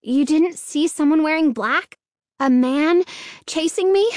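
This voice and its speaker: A woman's voice: high-pitched, unhurried, no echo, studio quality, pitched above the performer's own voice. A woman voicing a frightened young girl who speaks breathlessly and tentatively.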